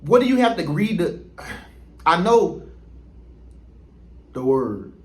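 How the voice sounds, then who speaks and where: Rambling, high-voiced man in an echoey room. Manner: rambling, conversational, lots of restarts and quoted asides. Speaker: vlogger. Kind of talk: casual monologue to camera.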